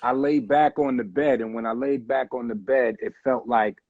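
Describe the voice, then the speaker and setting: A man in an interview, telling a story in a relaxed way and swearing freely. His voice is husky and mid-pitched. The recording sounds dull and dry. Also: moderate pace, dry recording. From United States. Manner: laid-back, profane storytelling. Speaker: rapper, interview guest. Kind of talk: casual storytelling.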